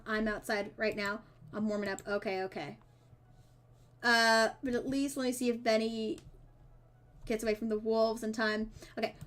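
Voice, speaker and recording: A woman streamer reading a dating game's dialogue aloud, with playful asides and quick self-corrections. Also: a little high. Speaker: streamer playing a dating sim. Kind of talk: reading game text aloud with casual commentary.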